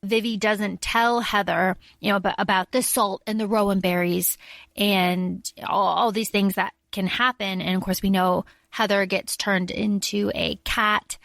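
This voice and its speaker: A woman's voice: medium pitch, steady tone, measured pace, vocal fry, fairly bright tone, dry recording. Woman explaining points in casual chat. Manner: explanatory, builds points with examples. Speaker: podcast co-host.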